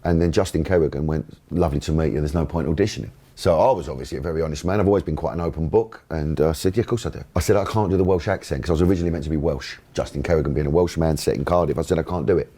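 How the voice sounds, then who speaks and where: Fast-talking deep man, blunt. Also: warm tone. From England. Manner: blunt, swears freely, open and chatty. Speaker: actor interviewee. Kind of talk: candid interview anecdotes.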